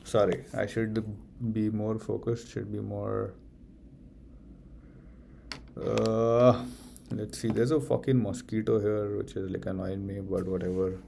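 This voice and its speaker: A young man with an Indian accent drifts through a casual live stream, talking slowly in a low, gravelly voice. He mutters to himself, swears now and then and keeps calling the listener bro. Soft typing sounds on a keyboard can be heard behind him. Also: level tone, a little hiss or hum. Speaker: streamer studying for exams.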